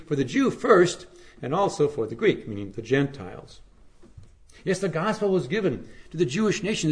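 Lively-voiced male pastor preaching. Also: medium pitch. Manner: slow, emphatic preaching with hushed, falling phrase endings. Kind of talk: sermon.

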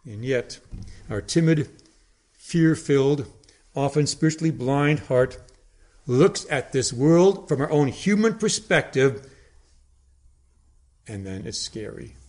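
A man preaching a sermon in a dramatic way, with emphatic pauses and sudden drops to a hush. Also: medium pitch, animated.

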